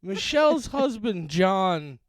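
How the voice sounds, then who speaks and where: High-voiced, jokey male podcast host. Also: very animated, takes it slowly, no echo. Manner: jokey and teasing. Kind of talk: casual chat.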